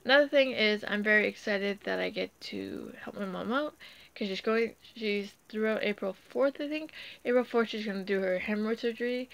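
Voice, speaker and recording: A woman's voice: mid-range voice, a bit bright, poor audio. A woman speaking off the cuff about her family and her past, rambling with restarts and fillers, emotional and close to tears in places. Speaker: speaker sharing a personal story. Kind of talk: unscripted personal talk.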